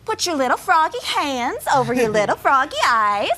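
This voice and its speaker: A woman's voice: high voice, sing-song, normal speed, sharp tone, exaggerated voice. A woman performing live children's theatre, playing a spoiled, dramatic young princess in an exaggerated sing-song storytelling voice and chatting with the kids.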